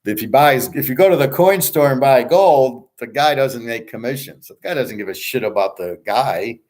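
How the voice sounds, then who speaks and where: A man's voice: mid-range voice, lively intonation, moderate pace, a little mellow. A middle-aged man ranting casually as a sports-picks host, blunt, boastful and profane, rambling from one point to the next. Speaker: sports betting tipster and host.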